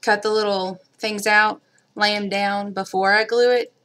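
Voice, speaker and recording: A woman's voice: mid-range voice, level tone, a little slow, a bit bright. A woman hosting a casual crafting livestream, rambling and talking to herself as she works. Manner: rambling, self-talk while working.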